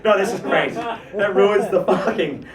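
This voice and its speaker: A man in his thirties with a very high voice tears through a stand-up set, shouting his rants and laughing through them, swearing freely. He is heard from a distance, and the room around him rings with echo. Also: a little slow, crowd noise. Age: 30s. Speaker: stand-up comedian.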